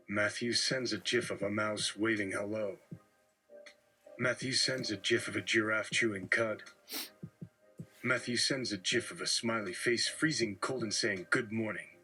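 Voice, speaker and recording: Bright-voiced man reading chat aloud. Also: on the low side. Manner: dry, matter-of-fact narration of messages. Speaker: livestream host. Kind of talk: reading out a group chat on stream.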